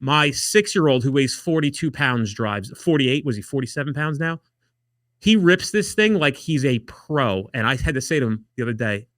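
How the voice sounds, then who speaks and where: Profane, animated man telling stories. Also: medium pitch, moderate pace, no echo, studio quality. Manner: profane, animated storyteller acting out quotes. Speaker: podcast guest. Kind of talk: casual storytelling.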